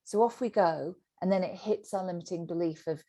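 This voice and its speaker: Middle-aged woman coaching a group, lowish voice, animated, acts out voices in her head. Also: a little fast. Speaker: sobriety coach. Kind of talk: teaching a group session.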